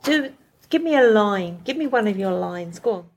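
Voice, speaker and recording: A woman's voice: medium pitch, lively intonation, moderate pace. A woman from the school staff presenting a casual podcast chat, prompting the children to speak and praising them.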